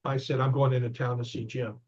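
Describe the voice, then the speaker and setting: A man's voice: medium pitch, fast, slightly rough. An older man, an author and investigator, telling a story conversationally as an interview guest. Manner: animated anecdote-telling, recounting dialogue. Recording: dull lo-fi audio.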